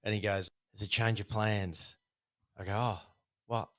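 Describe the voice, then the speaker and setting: A man, a guest telling a casual, animated story about his boxing past with many fillers. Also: on the low side, unhurried. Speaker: podcast guest, former Thai boxer.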